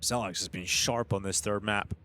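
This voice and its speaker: A man calling live esports play-by-play, energetic and rising with the action. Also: lowish voice, normal speed. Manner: energetic, building excitement on big plays. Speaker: esports commentator.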